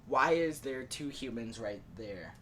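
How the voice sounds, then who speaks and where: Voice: mid-range voice, animated, unhurried, fairly bright tone, slight background noise. A podcaster voicing a stern old male rat sensei while retelling a movie plot, in an everyday voice. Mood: serious.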